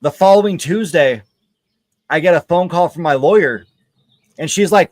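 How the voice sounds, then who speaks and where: A man chats loosely while he plays on a livestream, his voice sitting a little higher than most. He speaks frankly and rambles, with lots of pauses and restarts. The sound is dry and close, with no room echo. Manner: candid, rambling, many hesitations. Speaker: livestream gamer host. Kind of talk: casual chat while gaming.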